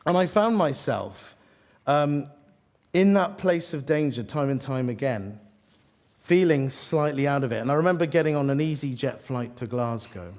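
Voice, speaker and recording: Chatty preacher telling stories. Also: male voice, medium pitch, animated, normal speed, a little mellow. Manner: chatty, self-deprecating humor, frequent restarts. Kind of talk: storytelling sermon. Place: church evening gathering.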